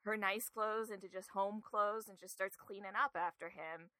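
A woman co-hosting a horror podcast, chatting casually and retelling scenes in an animated way. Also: mid-range voice, moderate pace, no room sound. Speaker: podcast co-host. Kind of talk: casual chat.

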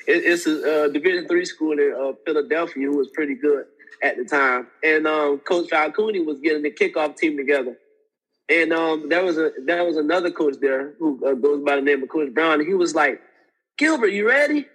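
Guy on a podcast, high husky voice, laughs a lot, does voices in his stories. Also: fairly even intonation, brisk, fairly bright tone, poor audio. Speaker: podcast guest, former football player. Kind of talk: casual storytelling.

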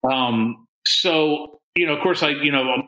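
A man telling a crude story on a podcast, swearing constantly and jumping into loud quoted voices. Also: a little high, a little slow. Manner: profane, animated, swings into loud quoted voices. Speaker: podcast co-host. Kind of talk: casual storytelling. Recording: roomy echo.

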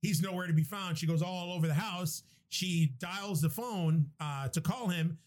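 A young man animatedly retelling a film to a co-host, his voice sitting a little higher than the average man's. He talks casually and swears freely, rambling and restarting as he goes. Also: normal speed. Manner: animated, profane movie retelling. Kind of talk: casual chat.

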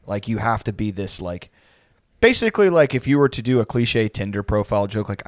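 A man's voice: on the low side, lively intonation, a little fast, no room sound, clean studio sound. A young man telling stories in casual chat, rambling, swearing and laughing often.

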